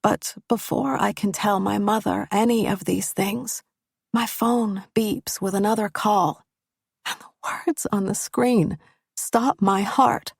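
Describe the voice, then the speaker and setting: A woman's voice: mid-range voice, fairly even intonation, slow pace, gravelly, husky, no room sound. A woman reading a first-person thriller audiobook with intimate, tense storytelling on a studio mic. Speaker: audiobook narrator.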